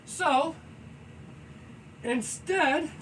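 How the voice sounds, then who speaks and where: A man with a very high, bright voice talks loudly and energetically, rambling through casual motivational thoughts while he stretches and moves around at home. He leans on "you know" constantly. He sits well away from the mic, with faint noise behind him. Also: drawn-out words, recorded from a distance, poor audio. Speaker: fitness vlogger. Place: indoors at home, low ceiling.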